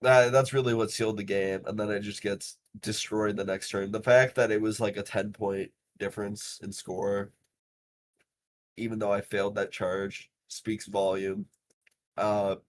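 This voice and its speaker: A young man with a lowish voice tells tournament and bus stories in a loose, animated podcast chat, swearing freely and filling gaps with "like" and "uh". A faint rumble sits under the recording. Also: unhurried. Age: young adult. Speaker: podcast host. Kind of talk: casual podcast storytelling.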